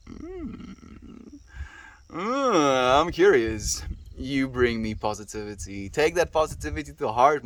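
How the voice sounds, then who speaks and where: A man's voice: mid-range voice, fairly bright tone. Earnest man chatting with live viewers. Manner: earnest, affectionate, reflective. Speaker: livestreamer. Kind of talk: casual chat with live viewers.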